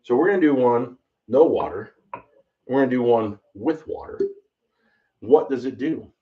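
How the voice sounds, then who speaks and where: A man hosting a casual bourbon tasting, excitable and rambling, exclaiming often. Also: mid-range voice, moderate pace. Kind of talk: casual livestream tasting chat. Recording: slightly distant, dull lo-fi mic.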